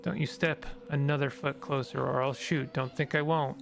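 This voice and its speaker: A man voicing a gruff aging farmer who guards his bird with a shotgun and talks bluntly with a drawl. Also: medium pitch, flat delivery, moderate pace, background noise, lightly acted. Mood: threatening.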